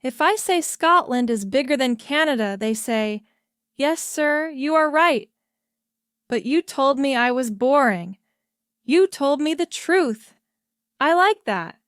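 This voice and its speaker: A woman voicing a polite young royal prince in storybook dialogue, in a courteous, gently amused manner. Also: high-pitched, animated, slow pace, no room sound, clean studio sound, pitched above the performer's own voice.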